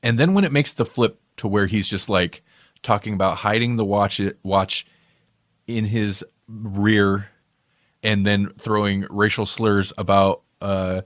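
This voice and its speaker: A man's voice: on the low side, steady tone, measured pace, no room sound, clean studio sound. A man co-hosting a podcast, chatting casually about a film, rambling and correcting himself as he goes. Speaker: podcast co-host. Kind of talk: casual movie review chat.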